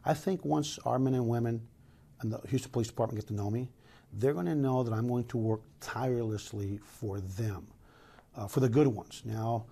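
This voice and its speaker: A man's voice: medium pitch, moderate pace, gravelly, dark tone, husky. A middle-aged man from Los Angeles, a police chief answering news interview questions in an earnest, emphatic way with many restarts.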